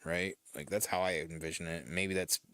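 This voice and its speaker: A man's voice: low-pitched, fairly even intonation, moderate pace, bright, forceful tone, no room sound. A man from Michigan streaming casual chat while painting, rambling loosely and swearing now and then. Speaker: streamer host.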